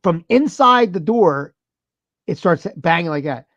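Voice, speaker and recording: A man in his thirties, a podcast co-host, telling a story in a profane, animated, casual way. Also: sits high, measured pace, no echo, dull audio.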